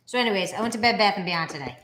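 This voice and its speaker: Her mid-range voice races along as she co-hosts a casual vlog. Telling stories with animation, she acts out each person's lines loudly, and the recording has an echoey room sound.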